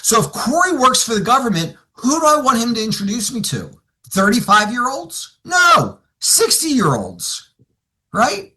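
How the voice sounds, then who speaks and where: A bright, high-pitched man with a lively, swinging delivery, coaching a room on winning client referrals. He tells stories and slips into quick back-and-forth dialogue, playing himself and his clients in turn. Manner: animated storyteller, acts out both sides of client conversations. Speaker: financial advisor sales trainer. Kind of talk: seminar talk with acted dialogue.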